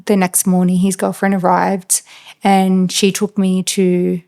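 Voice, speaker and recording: A woman with an Australian accent, a podcast guest, telling a personal story in a halting, flat way with lots of fillers. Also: on the low side, creaky. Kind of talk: casual storytelling.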